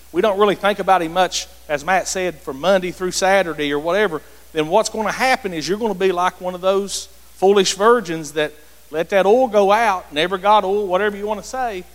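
A man leading a church Bible study in a preaching style, emphatic and repetitive, calling on listeners by name. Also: high-pitched. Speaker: pastor leading a group discussion. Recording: reverberant hall.

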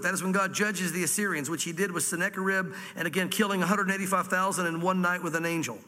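A man's voice: high voice, quick pace, few pauses, pushed and bright, big-room sound. A man from Virginia with a Southern accent, a pastor teaching a sermon through scripture with folksy asides. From Virginia, USA. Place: church hall before a congregation.

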